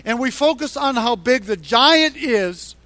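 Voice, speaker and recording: A man with a strikingly high voice preaches a sermon and tells the Bible story with lively, animated delivery. He presses each point through emphatic repetition. The recording is dry and close, with no room echo. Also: unhurried. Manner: emphatic, repeats points for stress. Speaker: pastor.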